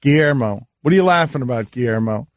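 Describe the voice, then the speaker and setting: A man hosting a sports radio show, teasing his producer with incredulous questions and halting restarts. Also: medium pitch, lively intonation, no echo.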